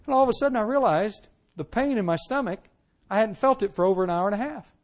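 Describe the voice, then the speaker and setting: High-voiced preacher telling his testimony. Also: fast. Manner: animated storytelling, swings from loud to hushed; acts out quoted lines. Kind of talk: sermon testimony.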